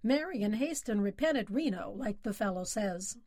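A woman's voice: mid-range voice, expressive, normal speed, a little mellow, dry recording, clean studio sound, lightly acted. A woman voicing a chatty small-town garage man who gossips in a folksy way. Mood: gossipy.

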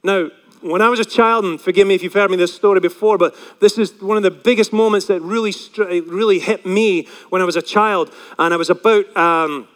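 Male pastor, high-pitched, animated preacher who acts out quoted voices, miked in a reverberant hall. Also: brisk. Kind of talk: sermon.

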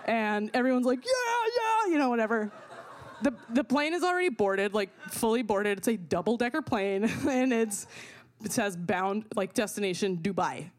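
A young woman telling a personal story in an animated way, full of fillers and swearing, often laughing as she talks. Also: medium pitch, moderate pace. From not from America.

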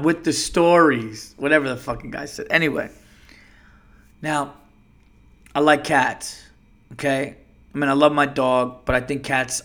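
Guy hosting a comedy podcast, rambling profane stories, does little voices for people in them. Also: mid-range voice. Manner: profane, animated, acts out voices in quotes. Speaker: podcast host. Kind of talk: comedic storytelling monologue.

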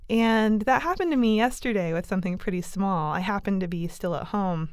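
A woman casually telling a personal story in conversation, animated and laughing often, with lots of fillers. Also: mid-range voice, brisk, clear, resonant tone, no echo, clean studio sound.

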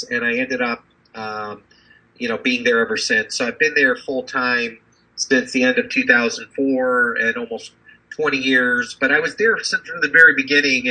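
A man's voice: medium pitch, pushed and bright, breathy edge, rough recording. A man in his fifties, a physician and business executive, telling his story in a rambling, conversational interview with many fillers.

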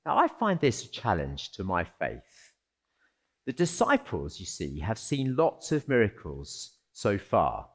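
A male pastor preaches at an unhurried pace, letting his voice leap high and low for emphasis. He keeps it conversational, tossing rhetorical questions at the listeners. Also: huge pitch swings, fairly bright tone. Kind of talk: sermon.

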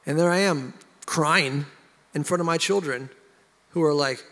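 Man, pastor, gravelly voice, animated heartfelt testimony, long reverb. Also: unhurried. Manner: animated, emotional storytelling, rising loud at high points. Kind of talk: candid conversational testimony.

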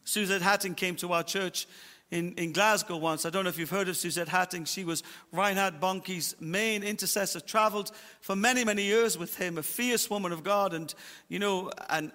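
A man preaching a sermon as pastor, emphatic, slowing down to stress his points. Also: sits high, pushed and bright, long reverb tail. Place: church auditorium.

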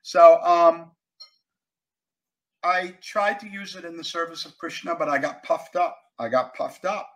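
An older man, a guest actor and author, telling stories in a casual interview, animated and emphatic, swinging between loud and quiet. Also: on the high side, measured pace, poor audio.

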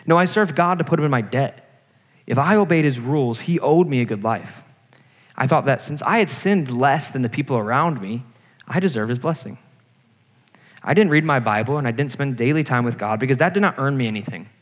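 A man's voice: medium pitch, animated, brisk. A young man giving an earnest sermon to a campus group, telling stories from his own life. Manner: earnest, personal storytelling preacher. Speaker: campus ministry speaker. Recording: reverberant hall.

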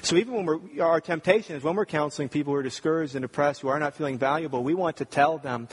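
A man's voice: on the high side, fast, hardly any pauses, a little hiss or hum. A man preaching a sermon, earnest and building to emphatic points. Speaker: pastor.

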